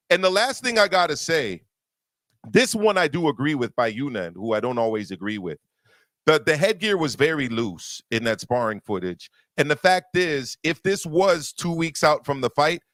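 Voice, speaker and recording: A man's voice: fairly high pitch, a bit bright, dry recording, studio quality. A man on a boxing debate panel making his case emphatically. He repeats himself as he presses each point.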